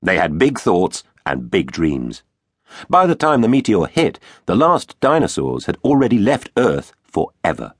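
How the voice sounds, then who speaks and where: Deep, animated male narrator for a kids' adventure story, playful and theatrical, dry close studio sound. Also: measured pace, husky, no echo. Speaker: audiobook narrator. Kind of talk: children's audiobook narration.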